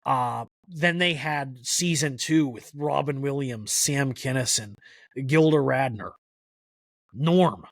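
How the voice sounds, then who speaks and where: A country music historian, appearing as a podcast guest, tells stories casually and ramblingly, packing in "like" fillers and retelling events with animation. His voice sits at medium pitch and moves slowly. The recording is dry and studio quality.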